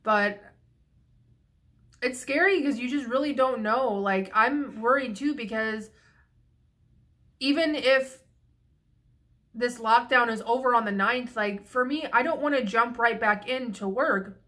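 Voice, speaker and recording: A woman's voice: a little high, unhurried, long pauses, bright, forceful tone. A young woman vlogging, venting frankly and profanely in a rambling casual monologue with frequent restarts, a little tipsy. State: slightly tipsy.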